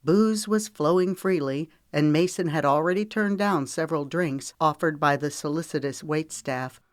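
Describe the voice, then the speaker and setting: This low-pitched female narrator delivers an audiobook in an even, measured storytelling style. The clean studio recording has no echo.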